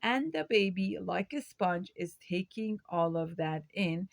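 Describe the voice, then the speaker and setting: A woman's voice: fairly low pitch, animated, unhurried, gravelly, no room sound. A woman hosting her own video, giving a reflective educational talk to camera and posing rhetorical questions. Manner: reflective, poses rhetorical questions, occasional fillers.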